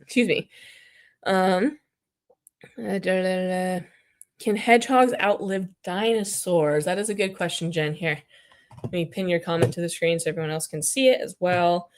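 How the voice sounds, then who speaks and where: A woman's voice: on the low side, steady tone, normal speed. A woman hosting a casual livestream with puppets, chatting, reading comments aloud and muttering to herself while clicking around.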